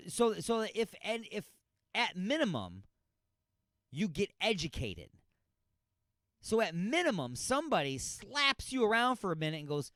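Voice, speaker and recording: A man's voice: high voice, wildly swooping pitch, moderate pace, a bit bright, no room sound. A man hosting a radio talk show, ranting sarcastically and scolding with exasperation about a news story.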